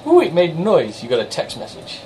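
A man's voice: fairly high pitch, wildly swooping pitch, darkish tone, a little hiss or hum, low-quality recording. A man with a Somerset accent co-hosting a podcast, chatting in a jokey way and reviewing games. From Somerset, England. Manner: chatty, jokey, quick to laugh. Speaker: podcast co-host. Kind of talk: casual banter and game reviews.

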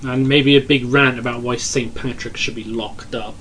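Guy with a middle-pitch voice, dry teasing podcast banter, bit of room noise. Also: fairly even intonation, normal speed, fairly bright tone, poor audio. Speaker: podcast co-host. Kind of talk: casual chat.

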